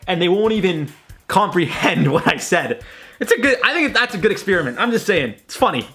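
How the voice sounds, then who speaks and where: A fairly high-voiced man talks in a loose, rambling way, swearing casually as he reacts to tweets. He sounds like he is in his room at home. Soft music plays faintly underneath. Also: animated, fast talker. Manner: rambling, chatty, swears freely. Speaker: host.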